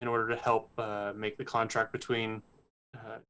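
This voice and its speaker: A man's voice: on the low side, little pitch movement, normal speed, pushed and bright, clean tone. A man speaking in character as an earnest, diplomatic male cleric, hesitant and stammering with uhs and ums. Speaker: player. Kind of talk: in-character role-play.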